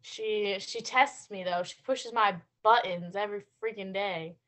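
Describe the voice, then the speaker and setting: A young woman co-hosting a podcast, telling stories and ranting in a casual, animated way, with lots of "like". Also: medium pitch, a little slow. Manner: animated storytelling, ranting, heavy use of "like". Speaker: podcast co-host. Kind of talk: casual chat.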